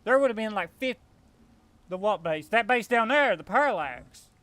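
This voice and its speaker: A man's voice: high-pitched, lively intonation, moderate pace, sharp tone, dry recording. A young man with a Southern US accent, casually talking through a survival game and venting his frustration as the channel host. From American South. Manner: frustrated, rambling, self-correcting. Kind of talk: casual gameplay commentary.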